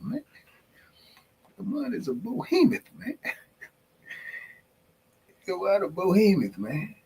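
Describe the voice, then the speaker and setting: A man's voice: fairly high pitch, creaky, a bit bright, slight background noise, rough recording. A man hosting a morning podcast in casual banter, laughing often as he reacts to his chat. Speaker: podcast host. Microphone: podcast mic.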